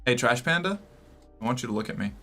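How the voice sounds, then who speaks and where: A man's voice: medium pitch, expressive, quick pace, pushed and bright, faint music behind. A young man from the US Northeast streaming and chatting casually with viewers, talkative and rambling with many fillers. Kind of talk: casual chat reading viewer messages.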